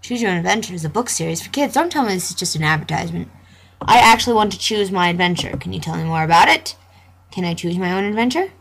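Breathy young gamer girl commentating. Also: lowish voice, animated, quick pace, fairly bright tone. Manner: playful, sarcastic, reads game dialogue aloud. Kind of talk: gameplay commentary.

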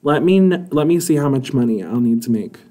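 Brief: a man playing a practical village father, plain and steady. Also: mid-range voice, a little fast, lightly acted. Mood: matter-of-fact.

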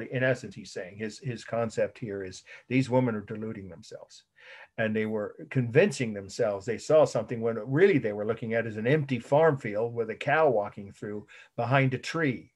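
A man's voice: lowish voice, a little mellow, breathy edge. A middle-aged man giving a conversational art history lecture, often repeating words and chuckling at his own asides. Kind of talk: classroom lecture.

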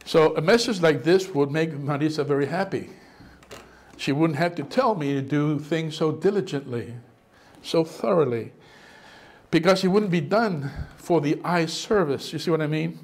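A middle-aged male pastor preaching a sermon in an animated way, often acting out the voices of people he quotes. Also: on the high side, moderate pace.

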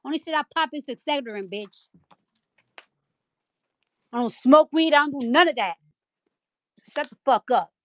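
A woman's voice: high-pitched, lively intonation, a little fast, no echo. A woman delivering a heated, profane rant on a live audio chat, repeating lines for emphasis into a phone mic. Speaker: rapper hosting a live audio chat room. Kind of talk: angry live-stream rant.

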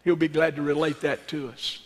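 A male pastor preaching a sermon and leading a closing prayer in a church, earnest in his storytelling and hushed in prayer. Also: fairly high pitch, little pitch movement, moderate pace, husky. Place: church sanctuary. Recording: long reverb in a church sanctuary.

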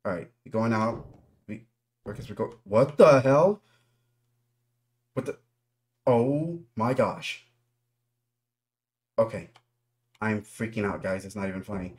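A man's voice: on the low side, darkish tone. A man giving nervous running commentary while playing a horror game, talking straight to his viewers. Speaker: gaming YouTuber.

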